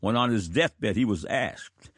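A man in his fifties, a country church pastor, giving a sermon in a slow, deliberate and solemn manner. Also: lowish voice, animated, a bit bright, breathy edge, no room sound, studio quality. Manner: slow, deliberate, solemn delivery with drawn-out words. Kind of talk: sermon reading of quotations.

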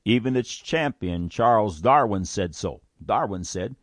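A man's voice: lowish voice, expressive, unhurried, no room sound, clean studio sound. A man reading a scripted Bible teaching, earnest and emphatic, quoting scripture aloud. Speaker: Bible teaching show host.

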